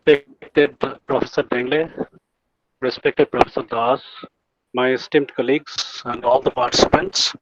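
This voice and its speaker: A man's voice: mid-range voice, steady tone, unhurried, muffled recording, a little hiss or hum. A man giving a formal, ceremonious vote of thanks with respectful forms of address.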